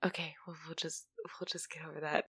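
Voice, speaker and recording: A young woman co-hosting a casual chat, animated and rambling, often laughing and turning teary. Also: low voice, fast talker, slightly rough.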